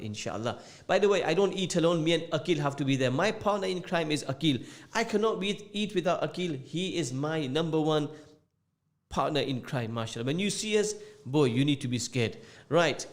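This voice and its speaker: A man hosting a radio show with a mixed northern English and London accent, chatting casually, joking and repeating phrases as he reads out listener messages. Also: fairly high pitch. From England. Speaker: radio host. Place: radio studio.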